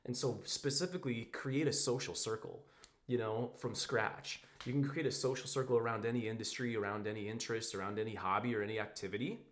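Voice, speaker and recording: A man coaching other men on dating in a blunt, slangy monologue. He swears casually, keeps tossing in "bro" and "right?", and acts out text exchanges in quick quoted voices. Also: lowish voice. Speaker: dating and social-circle coach. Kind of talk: direct-to-camera advice monologue.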